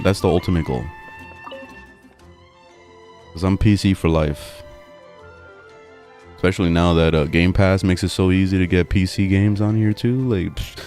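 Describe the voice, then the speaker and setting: A man's voice: deep voice, darkish tone. A young man chatting casually over gameplay at home, rambling and swearing freely. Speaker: gaming streamer. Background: faint game music.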